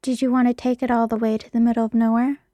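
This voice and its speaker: A woman's voice: on the high side, little pitch movement, fast talker, mellow, dry recording, natural voice. A woman voicing Parker, a blunt, quirky female thief, in a read-aloud story.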